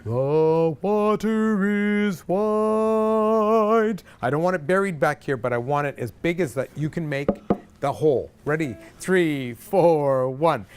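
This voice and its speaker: A man's voice: a little high, normal speed, slight background noise. A man directing a choir, counting the singers in and singing short phrases to show them. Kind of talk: vocal coaching a group. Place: room with a singing group.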